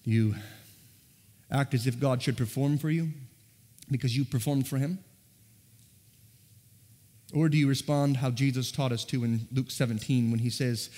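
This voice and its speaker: A man's voice: mid-range voice, moderate pace, pauses often. A man preaching a sermon as pastor, earnestly pressing his listeners with rhetorical questions, recorded in a church sanctuary. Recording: long reverb of a large church hall.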